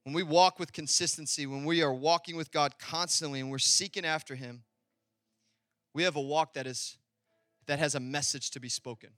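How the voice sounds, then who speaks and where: A man preaching a passionate sermon in a church, swinging between loud and quiet. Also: on the high side, fairly even intonation, normal speed, no room sound, studio quality, soft background music. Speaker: pastor. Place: church hall.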